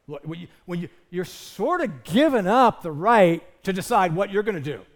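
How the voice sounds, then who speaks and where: A man's voice: high-pitched, animated, normal speed. A man preaching a sermon as pastor, earnest and emphatic, asking his listeners rhetorical questions.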